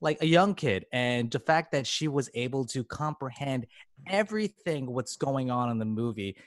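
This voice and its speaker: A man's voice: mid-range voice, lively intonation, moderate pace, dry recording, clean studio sound. A man co-hosting a podcast, talking eagerly about a film in a rambling way, full of fillers. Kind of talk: casual movie discussion.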